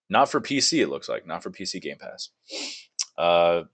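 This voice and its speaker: A man's voice: fairly low pitch, expressive, unhurried, fairly bright tone. A young man hosting a casual gaming podcast, loose and profane, laughing a lot and reading game blurbs aloud. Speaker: podcast host.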